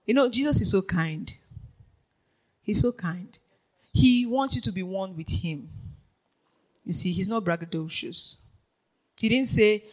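A preacher giving a lively sermon, dropping to a hush and then rising to shouts, laughing often and checking in with the congregation. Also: mid-range voice, a little slow, long pauses, poor audio. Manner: animated, swings from hushed to shouting, laughs often; keeps checking in with the audience.

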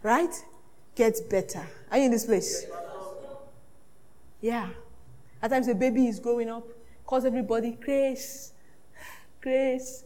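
A woman pastor preaching a sermon, lively and often laughing, acting out the voices she quotes. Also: fairly high pitch, moderate pace, pauses often.

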